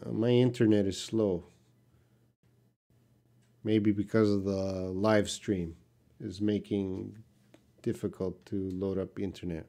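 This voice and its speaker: A man's voice: fairly low pitch, fairly even intonation, slow, creaky, long pauses, dark tone. A man from Canada, an English teacher, reading out viewer questions on a live stream and answering them in a plain, direct, sometimes blunt way.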